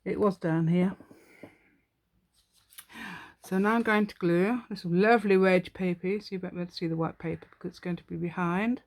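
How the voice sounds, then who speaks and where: A woman's voice: on the low side, steady tone, fast talker, a little mellow. A woman hosting a crafting tutorial, chatting as she works, rambling and laughing often. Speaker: craft channel host.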